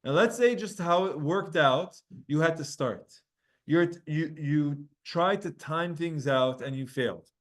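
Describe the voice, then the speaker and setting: A man teaching a Talmud class. He reads Hebrew and Aramaic passages aloud, translates them, and breaks off to speak to his students by name. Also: on the high side. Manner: explains texts, reading Hebrew and Aramaic aloud and translating with quick asides.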